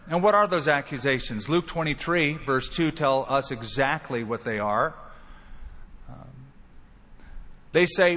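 A pastor preaches with emphasis, his fairly high voice jumping up whenever he acts out a quoted line. His words ring through a large hall with a long, trailing reverb. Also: a bit bright. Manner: emphatic preaching, acting out quoted lines with rising pitch. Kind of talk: sermon.

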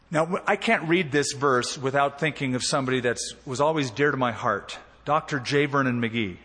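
A male pastor preaching a sermon in a church sanctuary, telling the story in an animated way with emphatic swings and quieter asides. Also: medium pitch, moderate pace, husky. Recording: reverberant church hall.

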